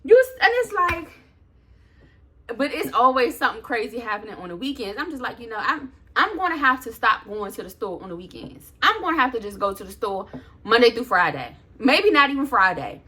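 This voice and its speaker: A woman's voice: on the high side, fairly quick, husky. A woman vlogger telling a story as a casual rant, in a sassy, sarcastic, chatty way. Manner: animated, loose and chatty.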